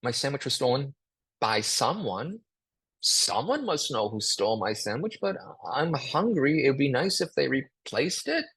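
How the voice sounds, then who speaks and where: A husky-voiced man leads a live online writing class and reads his example sentences aloud with feeling. His pitch swings widely as he talks. The sound is close and dry, with no room around it. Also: sing-song, a little slow, a bit bright, dry recording. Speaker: writing instructor.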